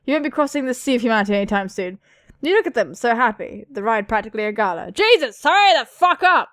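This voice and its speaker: A young woman hosting a gaming video, reading a visual novel aloud quickly and giggling as she jokes between lines. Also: medium pitch, no echo, clean studio sound.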